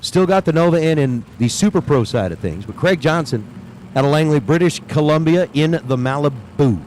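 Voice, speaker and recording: A man's voice: fairly high pitch, lively intonation, moderate pace, darkish tone, a little hiss or hum. A man calling drag races live at the track, chatting and joking between runs. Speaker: drag race announcer. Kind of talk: live race commentary. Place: outdoors at a racetrack.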